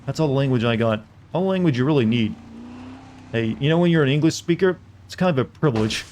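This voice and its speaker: A man's voice: mid-range voice, expressive, fast talker, a little mellow, a little hiss or hum. A man with a Southern US accent, casually rambling and joking with viewers while playing a game. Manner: rambling, jokey, chatting with viewers. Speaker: streamer. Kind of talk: casual gameplay commentary.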